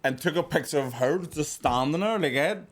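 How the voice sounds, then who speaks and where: A man's voice: a little high, fairly quick. Man, 30s, co-host, casual storytelling, swears and laughs a lot. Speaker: podcast co-host. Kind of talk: casual chat.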